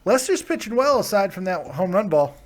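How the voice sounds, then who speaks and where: A man's voice: sits high, sing-song, a little fast, a crowd in the background. Tired, profane male stream host. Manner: profane, laughing, reading chat comments aloud. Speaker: live-stream show host. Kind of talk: casual live reaction commentary.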